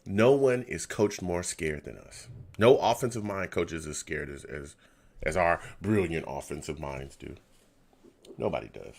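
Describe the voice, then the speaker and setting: A deep, expressive, darkish voice with some creak belongs to a man hosting a live fan reaction show, who speaks a little slowly. He sounds exasperated yet casual, sighing, muttering, repeating himself and going down to a near whisper.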